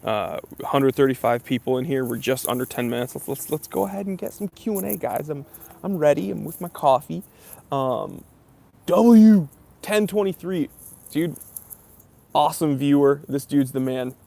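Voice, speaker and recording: A man's voice: on the high side, expressive, normal speed, creaky, mellow. A young man hosting a casual live stream Q&A, reading viewer comments aloud and chatting with lots of fillers. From near New York.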